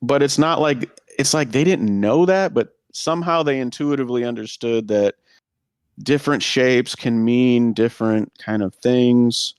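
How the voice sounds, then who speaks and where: A man's voice: mid-range voice, measured pace, clear, resonant tone, no room sound, studio quality. A man talking through ideas on a podcast in a musing, thoughtful way, with frequent fillers. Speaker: podcast co-host. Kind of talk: casual discussion.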